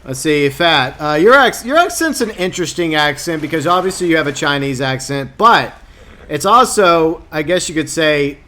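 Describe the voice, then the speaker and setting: A man's voice: on the high side, expressive, moderate pace, pushed and bright. Chatty man rambling to stream chat. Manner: rambling, stumbling over words, self-mocking. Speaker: live game streamer. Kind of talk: casual chat with viewers while gaming. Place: home streaming setup, Louisiana.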